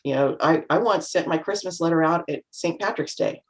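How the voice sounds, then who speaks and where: A middle-aged woman on a video call, chatting reflectively as a panel guest and acting out remarks in lively voices. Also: sits low, a little fast. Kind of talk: casual chat.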